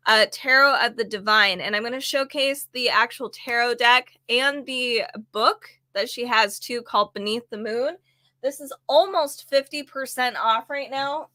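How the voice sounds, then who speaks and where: Bright-voiced chatty woman vlogging deals. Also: fairly high pitch, no room sound. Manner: chatty, rambling, self-deprecating. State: slightly losing her voice. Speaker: booktuber showing sale items. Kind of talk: casual product vlog. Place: home office. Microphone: desk microphone on camera.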